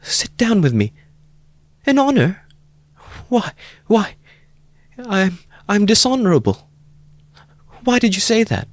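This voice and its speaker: A man's voice: high-pitched, sing-song, slow, long pauses, dry recording, pitched above the performer's own voice, heavily acted. A man voicing a frightened, anguished young woman who cries out in desperate pleading, in an audiobook reading. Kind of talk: audiobook character voice.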